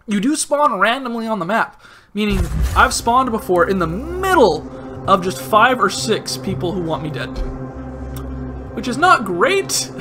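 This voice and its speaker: Young male let's-player, high-pitched, self-mocking, shouts in bursts over loud music. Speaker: gaming channel host. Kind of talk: live gameplay commentary. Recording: music playing loudly underneath.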